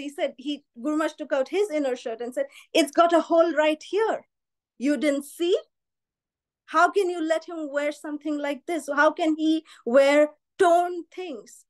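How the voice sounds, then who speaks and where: A woman telling a personal story at a devotional gathering, acting out the voices of the people in it. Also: high voice. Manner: anecdotal, quotes others with lively voices. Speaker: devotee sharing memories.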